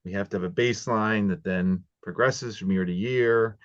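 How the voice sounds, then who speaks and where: A man's voice: on the low side, moderate pace, no echo, highs cut off. A man hosting an interview who sums things up loosely, with restarts. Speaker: podcast host.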